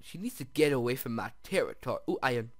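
A man giving let's-play commentary as he plays, excitable, often jumping to squeals over finds and talking straight to his viewers. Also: mid-range voice, quick pace, no echo. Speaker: video game player.

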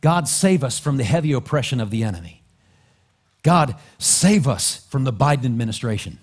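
A male pastor preaching a sermon, dropping to soft, low asides and then climbing into loud, rising exhortation. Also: lively intonation, moderate pace, husky. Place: church sanctuary.

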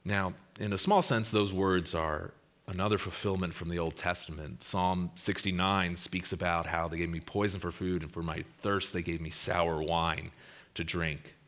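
Low-voiced pastor preaching with swells. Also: male voice, steady tone, normal speed. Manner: dynamic preaching, swells loud then drops to a hush. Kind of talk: sermon.

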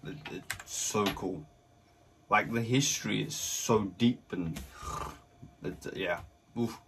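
A man chats casually as a reaction host, relaxed and admiring. He sits well back from the mic, with a faint hiss and keyboard clicks in the room. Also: fairly low pitch, slow pace, far from the mic.

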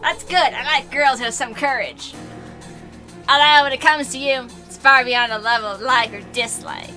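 A creepy young man from a game speaks in a slow, eerily calm Southern drawl, as a woman reads his lines aloud. The voice is bright and pitched fairly high. Soft game music plays behind. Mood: coaxing. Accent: put-on bad Southern US drawl. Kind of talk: reading game dialogue aloud.

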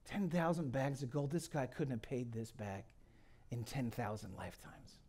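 A middle-aged man preaching a sermon. He tells the story dramatically, swinging from loud to hushed. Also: medium pitch, moderate pace, slightly rough. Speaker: guest pastor.

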